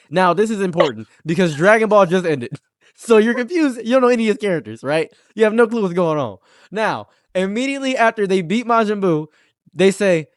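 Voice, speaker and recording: A man hosting a casual commentary chat, animated and laughing, often stammering and restarting. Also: high-pitched, dry recording, studio quality. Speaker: podcast host.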